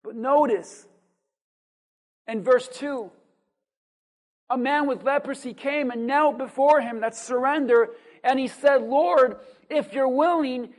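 Speaking slowly in a high-pitched voice, this pastor preaches with big dynamic shifts, booming points alternating with hushed asides. Rhetorical questions and call-and-response run throughout.

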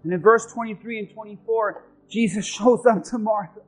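High-voiced impassioned preacher man. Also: steady tone, normal speed, faint music behind. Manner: impassioned, shouting for emphasis. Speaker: pastor. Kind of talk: sermon. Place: church.

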